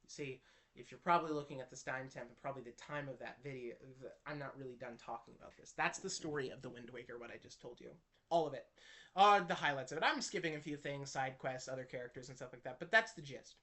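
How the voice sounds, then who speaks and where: A man's voice: medium pitch, fast, bright, forceful tone. A man telling a personal story to camera in an earnest, impassioned way, often restarting his sentences. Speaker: Christian video creator.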